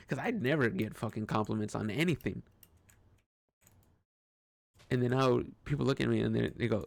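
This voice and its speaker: A man's voice: medium pitch, normal speed, gravelly, pauses often, no echo. A man talking through a casual personal monologue, hesitant and rambling, with frequent restarts and swearing. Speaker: vlogger.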